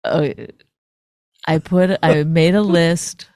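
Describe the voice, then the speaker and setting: A woman co-hosting a podcast, teasing her partner in a dry, low-key way. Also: steady tone, slow, darkish tone, no room sound. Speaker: podcast co-host. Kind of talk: casual chat.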